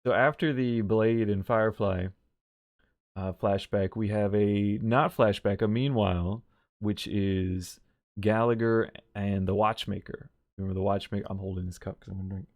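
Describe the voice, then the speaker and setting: A man with a lowish, fairly even voice recaps and comments on a video game story at normal speed, recorded in clean studio sound with no room sound. He rambles, corrects himself along the way, and chuckles often.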